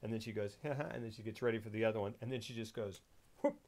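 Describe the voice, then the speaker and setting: A man hosting a casual film podcast. He retells scenes with lively sound effects and voices. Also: fairly low pitch, rapid-fire. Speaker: podcast host.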